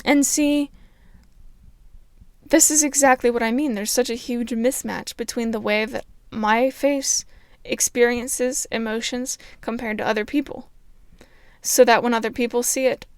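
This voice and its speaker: A woman speaking in a naturally flat, even tone, earnest and explanatory in a casual solo monologue. Her voice sits a little high and sounds smooth and clear, recorded close in a dry space. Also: moderate pace, no echo. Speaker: podcaster.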